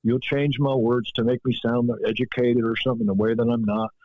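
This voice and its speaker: A man's voice: mid-range voice, flat delivery, fairly quick, no room sound, dull audio, close to an everyday voice. A man voicing a plain-spoken older man with a Southern US accent, earnest and direct.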